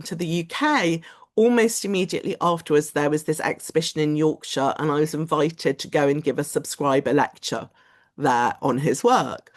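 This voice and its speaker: A woman giving a lecture in a chatty, animated storytelling manner, often quoting other people's voices. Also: fairly low pitch. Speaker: guest lecturer. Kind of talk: lecture to a study group.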